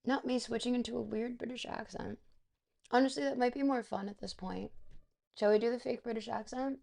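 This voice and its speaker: A woman's voice: on the high side, steady tone, a little fast, creaky, a little mellow. A woman streamer reading aloud and chatting with her viewers, hesitant and searching for words, with quaintly formal, theatrical phrasing. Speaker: livestreamer reading aloud to chat. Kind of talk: casual livestream chat and reading aloud.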